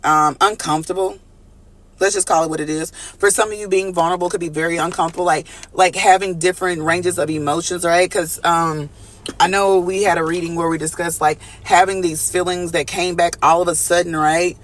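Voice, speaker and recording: A man's voice: high voice, fairly even intonation, brisk, fairly bright tone. A man giving a live collective tarot reading in a casual, profane, chatty way, calling his viewers y'all and answering their chat comments. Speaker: tarot reader.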